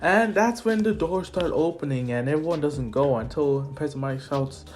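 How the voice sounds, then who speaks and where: A man's voice: a little high, normal speed, darkish tone. A young man, the channel's host, casually narrating a fan story in a rambling, laid-back, jokey way.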